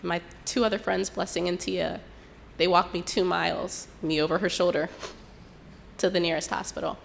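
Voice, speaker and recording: Young woman, personal storytelling, low-ish voice, faint background hiss. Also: fairly even intonation, gravelly. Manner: unhurried, reflective retelling with quoted dialogue.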